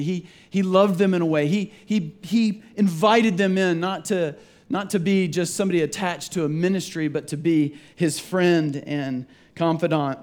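A man with a notably high voice preaches a relaxed, off-the-cuff Easter sermon to a church congregation. He talks the way people chat, stumbling over words and starting his sentences again. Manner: casual and rambling, with frequent restarts and repeated words. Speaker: pastor. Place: church sanctuary.

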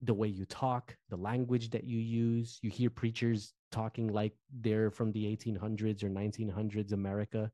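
A man from New Jersey in his thirties, a former pastor co-hosting a podcast in animated casual talk. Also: lowish voice, normal speed, few pauses, no echo. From Newark, New Jersey. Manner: animated, conversational, fillers like "you know".

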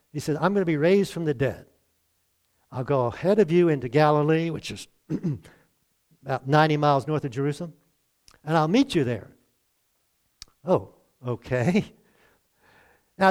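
A man's voice: on the high side, a little mellow. Chuckling conversational male preacher. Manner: conversational, chuckles often, acts out quoted lines. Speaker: pastor. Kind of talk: sermon.

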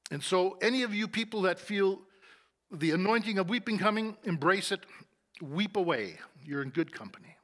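A middle-aged man with a notably high voice delivers a church testimony. He tells his story by playing out the dialogue and slips again and again into a quiet, lowered tone. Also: animated, moderate pace. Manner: storytelling, acting out dialogue, often dropping to a soft low voice. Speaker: church leader giving testimony. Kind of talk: sermon testimony.

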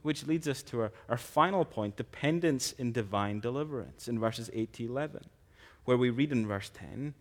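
Earnest preacher man. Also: mid-range voice. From Scotland. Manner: earnest, measured preaching with slow emphatic phrases. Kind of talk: sermon.

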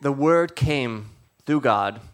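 A middle-aged man telling a faith testimony in a halting way, with many fillers. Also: mid-range voice, expressive. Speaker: guest sharing testimony. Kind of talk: storytelling testimony.

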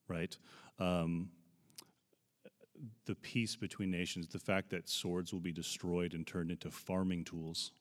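Deep-voiced pastor in his forties. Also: big-room sound. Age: 40s. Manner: earnest, emotional, conversational with scripture readings. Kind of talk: sermon.

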